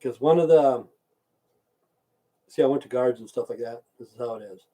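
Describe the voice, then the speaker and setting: An older man rambles through a casual livestream rant, loose and profane, his level jumping from loud bursts down to low mutters. His voice has a dark, mellow tone. He talks straight to his viewers. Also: moderate pace. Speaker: livestream host chatting with viewers.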